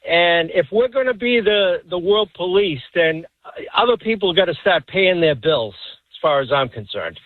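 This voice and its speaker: A man's voice: high voice, lively intonation, moderate pace, dry recording. A man calls in to a radio show, stumbling and repeating words as he airs strong opinions. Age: 60s. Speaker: caller. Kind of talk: call-in radio. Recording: tinny phone line.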